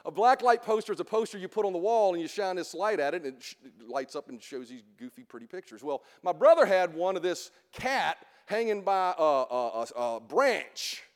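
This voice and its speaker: A middle-aged male pastor preaching a sermon, calling for congregation responses and swinging between soft asides and shouted emphasis. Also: high-pitched, lively intonation, normal speed, hardly any pauses, big-room sound. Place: church sanctuary.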